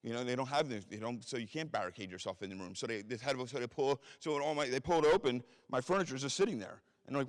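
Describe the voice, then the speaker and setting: A man's voice: medium pitch, fast talker, hardly any pauses. A man telling a story from his own life in a blunt, profane, self-mocking way. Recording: reverberant hall.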